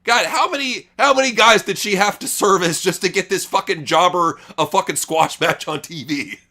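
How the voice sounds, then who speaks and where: On a wrestling news podcast, a male co-host reads out quotes and mocks the people behind them, swearing without restraint in loose, crude chatter. He speaks at an ordinary pace in a high-pitched, sharp voice.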